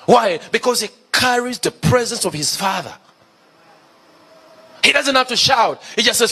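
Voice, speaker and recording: A man's voice: very high voice, animated, normal speed, long pauses, bright, forceful tone, husky. A male pastor preaching a sermon, emphatic, repeating key phrases and asking the congregation questions.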